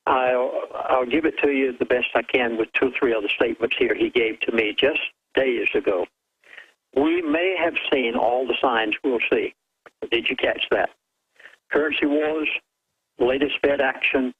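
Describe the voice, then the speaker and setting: A man speaking as a guest on a radio show, slow and deliberate, stressing each quoted word. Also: mid-range voice, slightly rough, narrow, tinny audio. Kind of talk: phoned-in guest talk.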